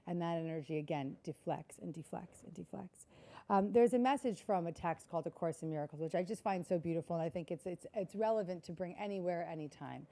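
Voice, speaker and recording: Woman doing a motivational keynote, mellow warm voice, earnest, keeps asking the crowd questions. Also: lowish voice. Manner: earnest, repetitive, engages the audience with questions. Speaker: keynote speaker. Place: conference hall before a live audience.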